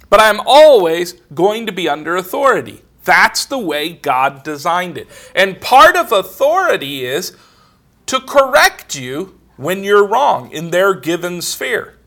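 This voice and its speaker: This sermon comes from a middle-aged man with a high, slightly bright voice. He tells everyday stories in a simple, conversational style and quotes what others said.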